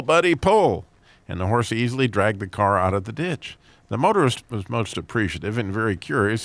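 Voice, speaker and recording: A man's voice: medium pitch, a bit bright, no echo. A man reading jokes and funny stories as host, chuckling at his own punchlines and raising his voice for quoted characters.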